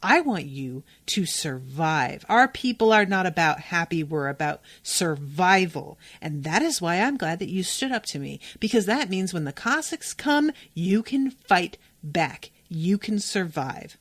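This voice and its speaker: A stern, fiercely loving mother, as a woman podcaster puts her on, with a slightly low voice. She speaks slowly and emphatically, like a recap reading of a TV scene. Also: sing-song, fairly bright tone, dry recording, heavily acted.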